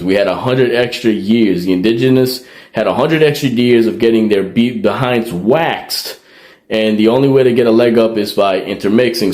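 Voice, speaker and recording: A man's voice: mid-range voice, darkish tone, roomy sound. A man from El Salvador lecturing in an emphatic tone and repeating his points to drive them home. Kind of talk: explainer commentary.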